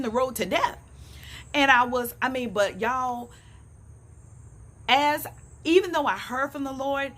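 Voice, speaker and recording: Middle-aged woman, earnest testimony vlog, slightly high voice, handheld phone outdoors, faint background hiss. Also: fairly bright tone. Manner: earnest, conversational, addresses viewers as y'all. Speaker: vlogger sharing a faith testimony. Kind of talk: casual personal testimony. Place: outdoors on a sunny morning.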